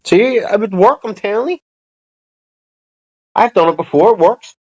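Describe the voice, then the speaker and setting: A man's voice: sits high, animated, normal speed. A man hosting a livestream, chatting casually and bluntly to his viewers with plenty of swearing. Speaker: livestream host. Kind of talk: casual rambling chat to viewers. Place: home streaming setup. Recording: dull lo-fi sound.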